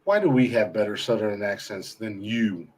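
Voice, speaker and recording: A man's voice: lowish voice, expressive, moderate pace, low-quality recording. A man from Ohio hosting a podcast in casual, crude, rambling chat, laughing often. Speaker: podcast host.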